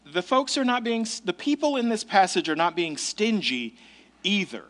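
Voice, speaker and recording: A male pastor delivers a sermon in a conversational tone. His voice sits high, and he stresses key points with casual asides. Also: lively intonation, moderate pace, a bit bright.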